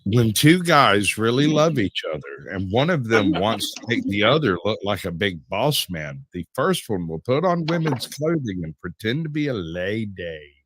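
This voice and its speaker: A man's voice: fairly low pitch, very animated, normal speed, hardly any pauses, fairly bright tone, no echo. A man on an online call throwing in crude, teasing quips. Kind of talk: casual group chat on a live stream.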